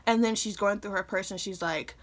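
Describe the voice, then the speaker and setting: Chatty young woman telling a story. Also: mid-range voice. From Michigan, USA. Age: early 20s. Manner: chatty, lots of filler "like", quick asides. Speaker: vlogger. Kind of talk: casual storytime. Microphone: phone camera.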